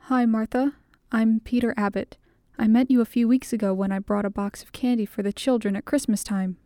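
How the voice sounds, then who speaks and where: A woman's voice: fairly high pitch, fairly even intonation, a little fast, dark tone, dry recording, clean studio sound, close to an everyday voice. A woman reading the part of a shy, nervous man asking a woman out, in an earnest, polite way for a storybook. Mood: polite, eager. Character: shy middle-aged man, nervous suitor.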